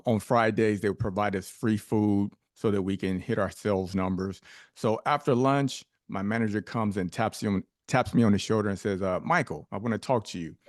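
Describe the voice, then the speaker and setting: A man's voice: on the low side, no echo, studio quality. A middle-aged man, a podcast guest, telling a personal story emphatically with rhetorical questions.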